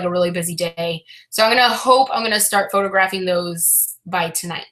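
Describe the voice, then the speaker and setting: A young woman chatting casually to her live-stream viewers, rambling and frank with many fillers and restarts, sounding low and frustrated. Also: sharp tone. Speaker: reseller vlogger answering live chat.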